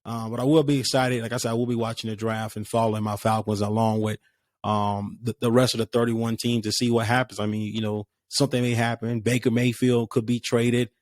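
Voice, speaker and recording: Rambling sports podcaster. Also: male voice, mid-range voice, flat delivery, fairly quick, no room sound. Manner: rambling, conversational, many fillers. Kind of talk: casual solo sports talk.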